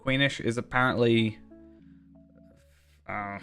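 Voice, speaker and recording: A man's voice: mid-range voice, fairly even intonation, takes it slowly, a bit bright. Chatty man streaming a game. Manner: rambling, chatty, self-deprecating. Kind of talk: casual gaming commentary. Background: faint game music.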